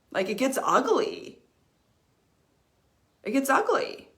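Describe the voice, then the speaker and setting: A woman with a fairly low speaking voice gives a personal motivational talk on a live stream. She is earnest and leans on repetition to drive her points home. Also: lively intonation, unhurried, fairly bright tone. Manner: earnest, repeats phrases for emphasis. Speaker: life coach hosting a live stream. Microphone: streaming mic.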